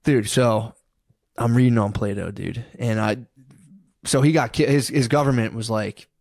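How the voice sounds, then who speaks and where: A man's voice: mid-range voice, normal speed, vocal fry, darkish tone, no echo, clean studio sound. A man co-hosting a comedy podcast, telling a story in rambling casual chat with heavy slang and acted-out quotes. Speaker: podcast co-host.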